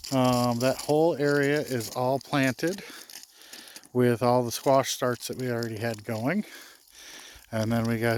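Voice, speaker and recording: Farm vlogger, man, mid pitch, folksy and easygoing, outdoors with faint noise behind. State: slightly out of breath. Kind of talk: casual vlog narration.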